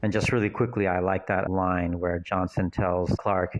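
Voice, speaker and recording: A man talks through a film in casual audio commentary, his voice sitting a little low. He wanders off on tangents and thinks out loud. It sounds like an unscripted, relaxed walkthrough. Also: a little slow, hardly any pauses, noisy background. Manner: chatty, digressive, thinking aloud.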